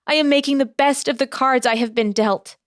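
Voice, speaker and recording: A woman voicing an indignant young woman on her wedding day who speaks in a proper, sharp way and rises to shouting. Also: sits high, fairly quick, no room sound, studio quality, pitched above the performer's own voice, natural voice. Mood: bitter.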